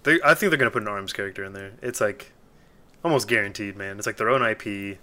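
A man with a low voice but a bright, forward tone, chatting casually about games. He tosses out his opinions in an offhand, laid-back way. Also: fast. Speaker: podcast co-host. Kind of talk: casual gaming chat.

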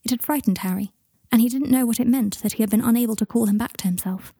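A woman narrating an audiobook in an even storytelling manner on a close microphone. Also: fairly high pitch, quick pace, husky, dry recording.

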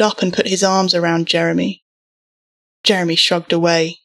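A woman narrating a story aloud in an even, measured reading voice. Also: fairly low pitch.

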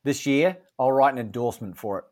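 A man's voice: medium pitch, fast, darkish tone. An Australian man, a guest author and podcaster, talking in an upbeat, emphatic way in a casual interview.

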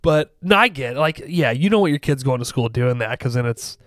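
A man's voice: medium pitch, lively intonation, fairly quick, no echo. A man in his thirties chatting casually, joking as he tells family stories and acts out the dialogue. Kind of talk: casual chat.

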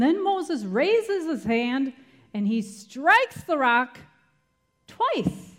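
Female sermon speaker, fairly high and very lively pitch, slow and dramatic delivery with rhetorical questions. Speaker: Bible teacher.

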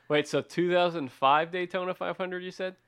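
A man's voice: high voice, steady tone, a bit bright, clean tone. Man tossing in racing facts. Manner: chimes in with quick facts and dry jokes. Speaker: podcast co-host. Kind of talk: casual chat.

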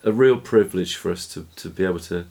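A man's voice: deep voice, fast talker, mellow. A man hosting a podcast in a home studio room, talking casually and hesitantly, with many fillers and restarts. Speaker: podcast host. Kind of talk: casual chat and wrap-up.

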